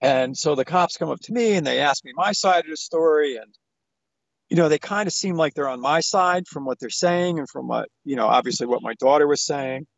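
A man in his thirties phones in, his voice high and gravelly. He tells his story in an animated way, acting out the quotes. The line is dull and lo-fi, with a dry, close sound. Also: brisk, dry recording. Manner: animated retelling, acts out quotes in a raised voice. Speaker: caller. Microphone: phone call.

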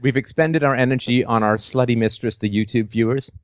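A man's voice: mid-range voice, steady tone, fairly quick, dry recording, clean studio sound. A man hosting a call-in show, tired and burnt out, joking in a self-deprecating, rambling way with many restarts. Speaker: host. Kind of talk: casual call-in show chat.

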